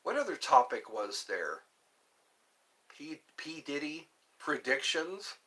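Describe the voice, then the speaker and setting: Slow, bright-voiced man musing on a live stream. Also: fairly high pitch, big pitch swings. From United States. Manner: slow, meandering musings that answer viewer chat. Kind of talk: rambling solo live stream chat.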